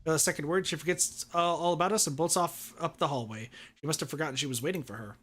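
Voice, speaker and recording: A man streaming, reading a visual novel aloud in steady first-person narration. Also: fairly high pitch, fast talker, soft background music.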